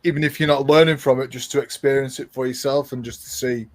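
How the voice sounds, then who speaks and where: A man's voice: mid-range voice, fairly even intonation, quick pace. A man who streams, appearing as a podcast guest and giving easygoing answers. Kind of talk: casual podcast chat.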